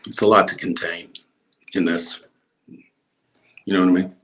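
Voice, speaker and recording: A man's voice: deep voice, flat delivery, unhurried, a bit bright, a little hiss or hum. A man co-hosting a casual live stream, making short, dry, laid-back remarks. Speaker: co-host.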